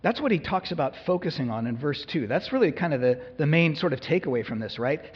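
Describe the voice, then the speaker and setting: Speaking at a quick pace, a male pastor delivers a relaxed, conversational sermon and keeps asking his congregation questions. His voice is a little high and husky. The recording is dull and lo-fi, echoing through a reverberant hall.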